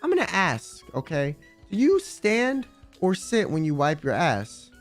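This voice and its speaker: A male live streamer chats with his audience in a bright, high-pitched voice with wildly swooping pitch at a measured pace. He rambles through crude jokes, loose and casual, while faint background music hums underneath.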